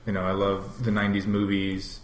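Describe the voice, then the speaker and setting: A man co-hosting a podcast in casual chat, talking haltingly and restarting his sentences. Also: lowish voice, monotone. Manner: hesitant, self-interrupting. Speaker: podcast co-host. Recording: echoey room with faint noise.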